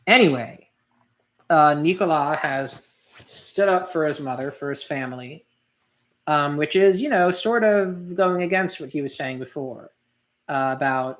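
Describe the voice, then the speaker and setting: A reader hosting a live manga read-through, stopping to comment on the story. The talk is loose and rambling, full of fillers and restarts, like thinking out loud. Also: mid-range voice, measured pace. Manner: casual and rambling, many fillers.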